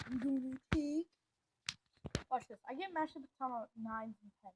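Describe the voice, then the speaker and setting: A woman giving excitable, rambling gameplay commentary, full of slang and fillers. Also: high-pitched, normal speed, background noise. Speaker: gameplay video host.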